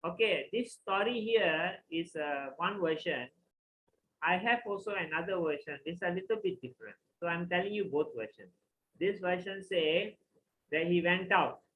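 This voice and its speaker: A man, teaching a class by telling a devotional story in a relaxed, conversational way. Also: high-pitched, moderate pace, phone-quality sound, a little hiss or hum. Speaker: scripture teacher.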